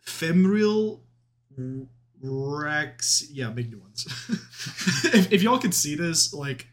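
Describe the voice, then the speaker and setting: A man's voice: fairly high pitch, lively intonation, takes it slowly. A young man chatting casually while creating a tabletop game character, laughing often and swearing freely. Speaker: player creating a paladin. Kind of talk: casual chat.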